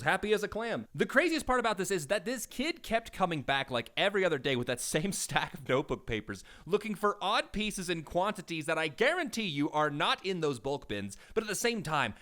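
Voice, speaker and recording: A man in his thirties telling comedic stories in an animated, jokey way. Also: fairly high pitch, a little fast, few pauses. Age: 30s. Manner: animated, jokey, playful asides. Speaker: storyteller.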